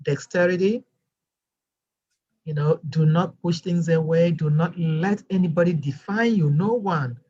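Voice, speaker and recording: A woman with a non-American English accent, telling her story as a guest teacher in a lively storytelling way. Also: lowish voice, a little slow, slightly rough, dull audio. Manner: animated storyteller, acts out quoted voices. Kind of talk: storytelling interview chat.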